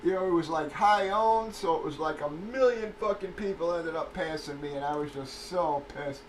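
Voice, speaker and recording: A man with a fairly high voice hosts a livestream, talking loosely and swearing a lot, often breaking into laughter. He sits a little back from the mic, and a faint hiss runs under his voice. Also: normal speed, far from the mic, rough recording. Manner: profane, rambling, laughs often. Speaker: livestream host of card breaks. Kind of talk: casual livestream chat. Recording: voice a bit off-mic with faint noise.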